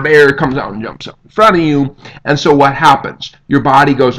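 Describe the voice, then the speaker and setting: A man's voice: on the high side, sing-song, moderate pace, fairly bright tone. A man giving a recorded lecture over slides in a conversational way, often checking in with "okay?" and "right?". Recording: dull lo-fi audio.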